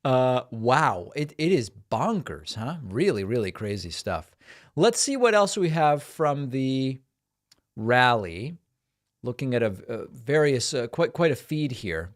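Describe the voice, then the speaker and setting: A man in his thirties hosts a live political stream, his voice swinging up and down with lively pitch. He reads viewer messages aloud and meets the clips with incredulous, mocking reactions. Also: unhurried. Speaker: political commentary host.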